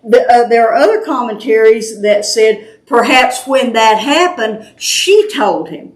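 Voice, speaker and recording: A woman's voice: a little high, animated. East tennessee lady running a bible study, easygoing and talky, room echo on it. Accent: Southern US, East Tennessee. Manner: chatty, quick to laugh, explains patiently. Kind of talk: group Bible study discussion. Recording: roomy home recording.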